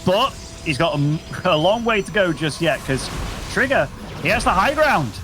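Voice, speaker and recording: Male co-caster, animated pitch, upbeat banter, faint music behind. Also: normal speed. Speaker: esports caster. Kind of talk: live game commentary.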